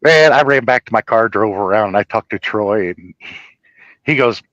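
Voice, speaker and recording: A man telling a personal story in a rambling, profane, animated way, laughing at his own tale. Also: lowish voice, normal speed, no echo, dull audio.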